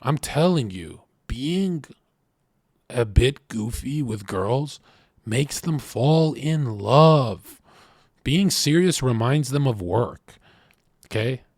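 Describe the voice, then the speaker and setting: A man streaming, telling brash, profane stories in an animated rant. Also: medium pitch, slow, slightly rough, no room sound, studio quality. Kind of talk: livestream rant.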